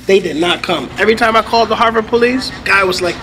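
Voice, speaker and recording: Man, young adult, high voice, animated storyteller, acts out quotes, swears, noisy background. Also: fast talker, hardly any pauses. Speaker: teacher telling his own story. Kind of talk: animated documentary interview. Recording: interview with clear background noise.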